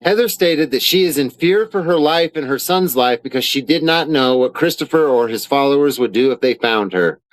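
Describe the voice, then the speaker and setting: A man's voice: mid-range voice, lively intonation, moderate pace, hardly any pauses, no room sound, low-quality recording. A man on a live stream, angrily denying claims and reading arrest papers aloud while swearing often, from his home studio. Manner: indignant, swearing often, reads documents aloud. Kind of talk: angry live-stream rant.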